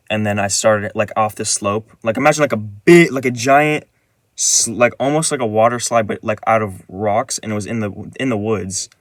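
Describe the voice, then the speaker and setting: A man with a lowish, bright, forceful voice tells a dream in a loose, rambling monologue. He keeps restarting his sentences and leans on filler words. The sound is close and dry. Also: no echo. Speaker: vlogger. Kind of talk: casual dream retelling monologue.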